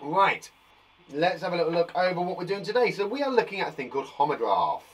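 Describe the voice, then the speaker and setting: A man in his thirties with an English accent, teaching young children in a playful, animated way, asking them questions as he goes. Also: fairly high pitch, fast talker, poor audio. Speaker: primary school teacher. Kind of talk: children's lesson video. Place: garden shed classroom.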